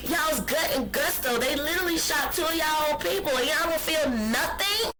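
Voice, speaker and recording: Woman, high-pitched, podcast host, impassioned, profane, ranting. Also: low-quality recording. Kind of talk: solo podcast commentary.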